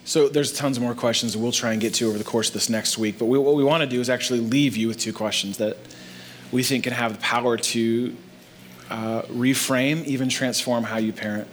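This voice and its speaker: A man's voice: medium pitch, fairly even intonation, a little fast. A man preaching as pastor in a church, earnest and conversational. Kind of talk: sermon. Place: church sanctuary.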